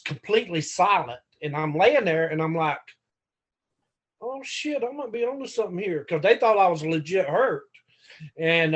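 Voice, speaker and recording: Speaking in a fairly high voice, this ex-pro wrestler swaps casual stories as a podcast guest, cursing freely and animatedly performing what people said.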